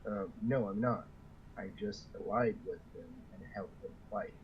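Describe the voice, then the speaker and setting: A man playing a tabletop role-playing game speaks in character in a lowish voice. He hesitates and fills his pauses with "um". His mic sounds dull and lo-fi, with a faint hiss behind him. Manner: hesitant, with many "um"s. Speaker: player.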